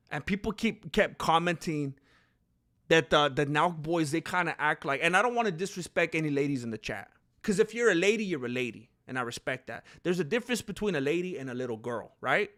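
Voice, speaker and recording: A man with a high-pitched voice hosts a casual commentary show, telling stories with lots of energy. He acts out other people's lines in loud, lively voices and repeats words for emphasis. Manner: animated storytelling, acts out quotes in shouty voices; frequent restarts and laughter, emphatic repetition. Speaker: channel host.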